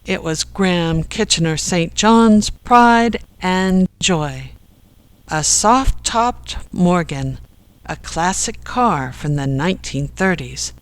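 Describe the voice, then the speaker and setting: An audiobook narrator reading a comic story in a steady storytelling manner. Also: mid-range voice, takes it slowly, clear, resonant tone, dry recording, poor audio. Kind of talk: scripted narration.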